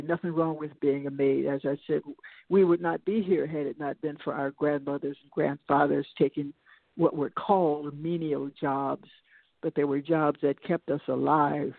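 An older woman talks as an interview guest, her voice gravelly and textured. She tells stories reflectively, drifting off on side paths and restarting before circling back. It comes through a tinny, phone-like line with a dry, close sound. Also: deep voice, fairly even intonation, normal speed, no room sound. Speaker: interview guest, singer and lecturer. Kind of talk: reflective conversational storytelling.

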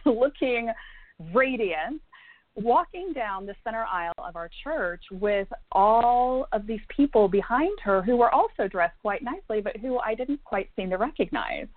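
A woman's voice: on the high side, expressive, unhurried, no room sound. A woman from Indiana, a psychic medium guest, telling a personal story in an interview with fillers and laughs. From Indiana, USA. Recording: tinny phone-like line, dry.

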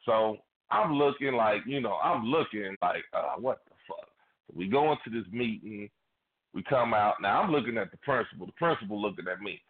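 A man telling a raunchy story on a radio show, his pitch jumping all over as he acts out the other people. The sound is thin and phone-like, and the voice is a little husky and raised. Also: normal speed. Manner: profane, animated, acts out voices in his stories. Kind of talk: crude comedic storytelling. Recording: phone-like band-limited radio audio.

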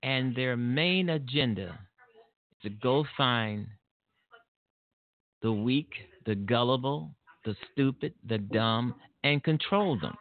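A man holds forth on his own radio show in an indignant, rambling monologue, stumbling and restarting as he goes. His voice is mid-pitched and comes through a tinny, phone-like line with no room sound at all. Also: slow pace, dry recording.

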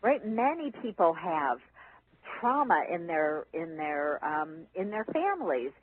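A woman guest, an author and teacher, telling stories in a casual interview, animated and laughing often. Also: on the low side, measured pace, a little hiss or hum. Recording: phone-line audio.

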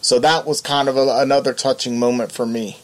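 A man's voice: medium pitch, steady tone, fairly quick. A man co-hosting a podcast, giving opinionated, worked-up views in a casual movie chat. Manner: opinionated, gets worked up in rants. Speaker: podcast co-host.

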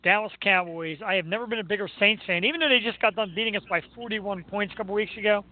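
A man hosting a talk show, chatting and ranting about sports in an excitable, joking way. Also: sits high, fast. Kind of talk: casual sports rant and chat. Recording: tinny phone-like line with faint noise.

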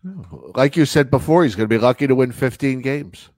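A man co-hosting a sports radio show, his voice swinging up and down lively as he trades sarcastic banter. The sound is dry and close, with no room around it. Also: mid-range voice, fairly quick, dry recording. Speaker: co-host. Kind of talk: casual sports radio chat.

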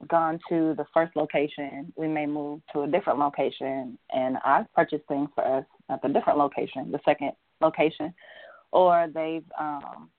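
Frank, emphatic female co-host, low-pitched, dry tinny audio. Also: no room sound. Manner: blunt, emphatic, frank about sex. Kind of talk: casual chat. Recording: tinny phone-like sound.

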